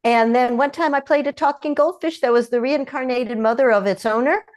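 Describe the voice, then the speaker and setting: Voiceover lady guest, kinda high voice, easygoing and amused. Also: fairly quick. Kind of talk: casual interview chat.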